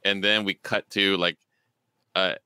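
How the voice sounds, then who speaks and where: Podcast cohost guy, really deep voice, crisp and smooth, stammers a bit telling stories. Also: level tone, a little slow, bright, forceful tone, no room sound. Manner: storytelling, stammers and repeats words. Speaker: podcast co-host. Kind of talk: casual podcast chat.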